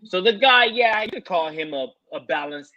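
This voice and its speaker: A man's voice: high voice, lively intonation, normal speed, dull audio. A man co-hosting a podcast who goes through fighters' stats step by step and makes his picks. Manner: methodical, walks through stats. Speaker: podcast co-host giving picks. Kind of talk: casual fight-analysis chat.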